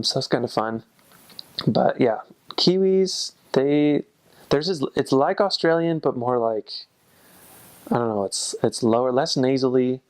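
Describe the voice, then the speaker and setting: A young man, a returned missionary, chatting casually and pausing often to search for words. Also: mid-range voice. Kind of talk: casual talk to camera.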